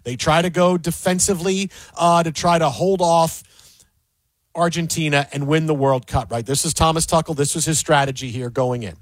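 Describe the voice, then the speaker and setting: A male sports talk host argues his takes with emphasis and a joking edge. His voice sits high for a man. The sound is close and dry. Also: no echo. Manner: emphatic, opinionated, jokey.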